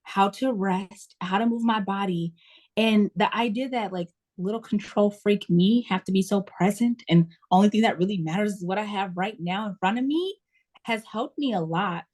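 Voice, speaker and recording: A woman talking casually as a guest in an interview, acting out her own inner dialogue as she tells stories. Her manner is lively and expressive. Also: mid-range voice, moderate pace.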